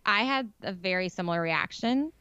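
A woman's voice: mid-range voice, expressive, moderate pace, sharp tone, clean tone, no room sound, dull audio. A woman co-hosting a podcast, chatting casually and frankly about a TV show, with lots of "like". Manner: frank, opinionated, heavy use of "like". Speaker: podcast co-host. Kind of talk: casual chat reviewing a TV show.

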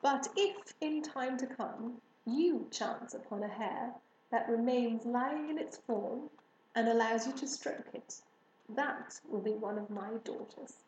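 A woman voicing a wise, magical mother hare who speaks calmly and reassuringly, in a slow, echoey room. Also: on the high side, distant mic, a little hiss or hum. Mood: gentle.

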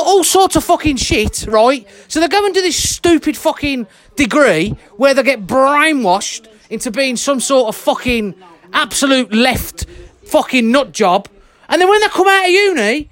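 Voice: high-pitched, fairly bright tone. A vlogger delivering an angry monologue rant, blunt and heated, swearing constantly and sweating. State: worked up and sweating.

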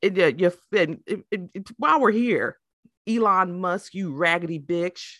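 A woman's voice: lowish voice, normal speed, a bit bright, no echo, studio quality. A woman co-hosting a podcast in casual chat, cursing a lot, tripping over her restarts, and laughing through her own rants. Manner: profane, stumbling restarts, laughing asides. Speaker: podcast co-host.

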